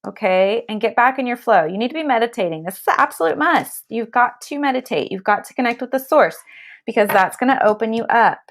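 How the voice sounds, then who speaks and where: On the high side, animated and brisk, a woman's voice delivers a live tarot reading straight to her viewers. She dishes out blunt, emphatic tough love, swears now and then, and keeps tossing in "okay?" and "all right?"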